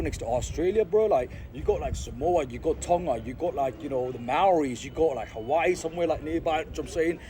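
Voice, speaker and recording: A man from Sri Lanka rambles through a casual outdoor vlog, loose and slang-heavy, with plenty of fillers. His voice sits somewhat high but sounds mellow and soft-edged. Faint street traffic hums behind him. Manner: slangy, rambling, repeats "hey, dog" and "I gotta be honest". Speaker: vlogger. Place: outdoors in an urban spot.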